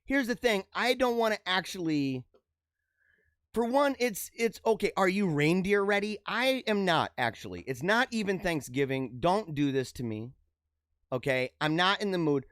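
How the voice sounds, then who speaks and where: High, lively-voiced joking male host. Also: normal speed, dry recording, studio quality. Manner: joking, rambling, laughs often. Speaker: show host. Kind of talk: casual news commentary.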